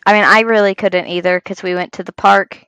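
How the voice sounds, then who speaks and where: A woman in her thirties co-hosting a casual chat podcast, telling animated stories about her kids and swearing freely. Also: medium pitch, fairly quick, clear, resonant tone, no echo, rough recording. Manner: swears a lot, animated storytelling. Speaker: podcast co-host.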